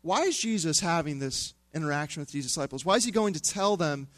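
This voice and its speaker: A male pastor preaching a sermon in a conversational, humorous way that drops to a hushed tone for emphasis. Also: on the high side, expressive, brisk, dry recording.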